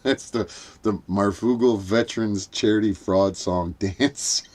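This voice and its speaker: A man's voice: on the low side, takes it slowly, a little mellow. An older man hosting a late-night livestream, rambling, swearing and cackling at his own jokes, punch-drunk from lack of sleep. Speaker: livestream host.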